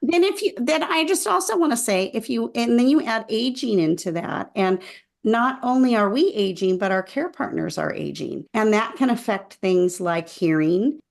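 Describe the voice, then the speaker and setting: A woman's voice: a little high, expressive, moderate pace, creaky. A woman co-hosting a podcast, talking in a casual, thoughtful and advising way. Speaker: podcast co-host. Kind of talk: casual conversational podcast talk.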